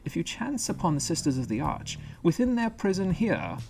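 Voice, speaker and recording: A man voicing a grave male mystic reading old scripture, deep and slow. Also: very animated, background noise.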